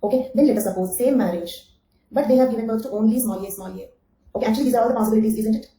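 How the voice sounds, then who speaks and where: A woman's voice: fairly high pitch, rapid-fire, mellow, echoey room, low-quality recording. A woman giving an online exam-coaching lecture, repeating key phrases, checking with "okay?" and calling on students by name. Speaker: anthropology teacher.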